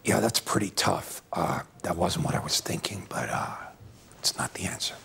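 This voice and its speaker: A man playing a parody of a famous aging film actor, talking in a husky, murmuring, rambling way full of half-whispered asides in a comedy sketch. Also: low voice, animated, moderate pace, sharp tone, full character voice. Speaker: celebrity acting teacher in a sketch.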